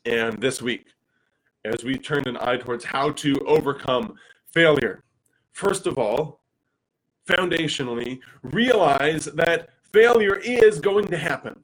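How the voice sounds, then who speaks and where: A man, telling personal stories as a father in an animated way, with frequent restarts. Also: a little high, unhurried, low-quality recording. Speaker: speaker and father. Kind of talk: personal storytelling talk.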